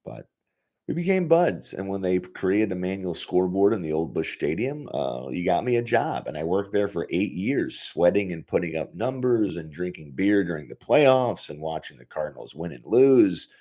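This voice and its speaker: A man's voice: sits low, sing-song, normal speed, dark tone. A man in his forties hosting a casual solo podcast from his home office, rambling and swearing freely, laughing often. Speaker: podcast host.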